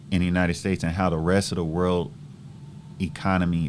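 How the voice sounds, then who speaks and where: A man in his forties from Southern California telling a long personal story in a casual, profane street style, acting out the dialogue. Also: low voice. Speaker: host.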